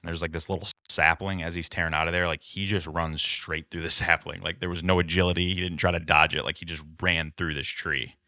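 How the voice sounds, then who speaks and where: A man with a very low voice that still sounds bright and forceful, recorded dry and close. He tells a story as a podcast co-host, casual and rambling, with "like" in nearly every line. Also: level tone, brisk, hardly any pauses, no room sound. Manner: rambling, filler-heavy retelling with many "like"s.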